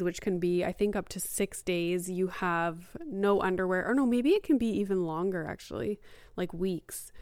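Chatty woman with a crisp, dry voice. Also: lowish voice, dry recording. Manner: chatty, heavy use of "like" and "um". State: mildly out of breath. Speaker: podcast host. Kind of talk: casual solo podcast talk.

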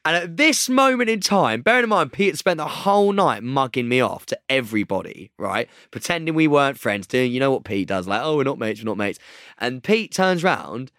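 A young man, co-hosting a podcast and telling an excitable story full of laughs. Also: medium pitch, moderate pace, hardly any pauses, no echo, clean studio sound. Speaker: podcast co-host. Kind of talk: casual chat, storytelling.

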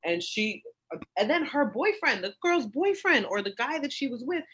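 Woman, 30s, comedian guest, lively storyteller who performs her own quotes loudly. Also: sits high, moderate pace, low-quality recording. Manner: animated, acts out quotes in raised voice. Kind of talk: casual storytelling.

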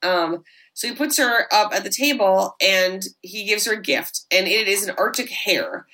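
A woman with a bright, ringing voice retells a horror film plot in casual podcast chat. She slips into quick impressions of the characters as she goes and swears offhandedly. Her tone is lively and storytelling. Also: mid-range voice, low-quality recording. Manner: animated, acts out characters' lines, swears casually.

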